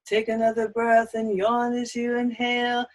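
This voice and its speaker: A woman's voice: a little high, completely flat delivery, normal speed, slight background noise, low-quality recording. A woman teaching a singing lesson, giving patient step-by-step cues on breathing and an open throat.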